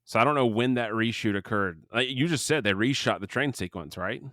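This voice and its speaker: A man's voice: mid-range voice, brisk, bright, forceful tone, no echo, clean studio sound. A man co-hosting a podcast, chatting casually about a movie, rambling and restarting his sentences, with the hiccups. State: has the hiccups. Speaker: podcast co-host. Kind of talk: casual movie review chat.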